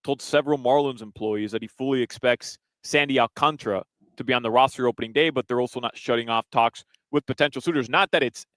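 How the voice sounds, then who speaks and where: A man reading sports headlines and weather on a live radio show from an arena, brisk, with fillers between items. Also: mid-range voice, a bit bright, no room sound. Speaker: radio update reader. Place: live remote broadcast at an arena.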